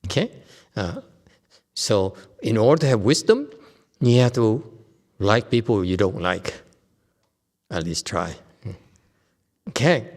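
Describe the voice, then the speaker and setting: A man's voice: on the low side, very animated, slow, long pauses, darkish tone. A Buddhist master from Vietnam giving a dharma lecture in a temple hall, joking and conversational, often checking in with his listeners. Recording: long reverb in a hall.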